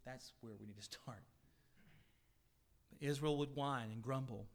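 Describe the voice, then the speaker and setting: In a church sanctuary, a middle-aged pastor preaches unhurriedly to his congregation. His pitch and volume swell earnestly, and he drops the occasional dry aside.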